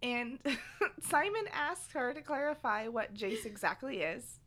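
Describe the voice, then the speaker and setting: A woman's voice: fairly high pitch, lively intonation, slow, a bit bright, slight background noise. Woman recapping a story, chatty and giggly. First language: Spanish not said; speaks Spanish at home. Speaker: podcast co-host recapping a book. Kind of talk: casual chat.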